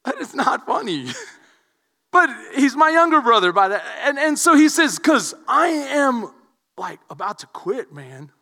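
A man from Houston preaching a sermon, telling a story that swings from quiet asides to shouted emphasis. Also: very high-pitched, sing-song, measured pace, creaky, in a large hall. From Houston, Texas. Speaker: pastor.

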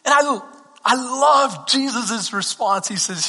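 A man's voice: extremely high pitch, expressive, takes it slowly, pushed and bright, breathy edge, big-room sound. A Texan man preaching a sermon as pastor, talking conversationally and asking the congregation questions.

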